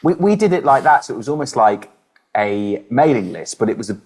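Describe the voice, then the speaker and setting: A man's voice: mid-range voice, expressive, a little fast, darkish tone, husky. A man co-hosting a podcast, talking in a rambling, self-mocking way with lots of fillers. His voice sits in an ordinary middle range. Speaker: podcast co-host, musician. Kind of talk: casual chat.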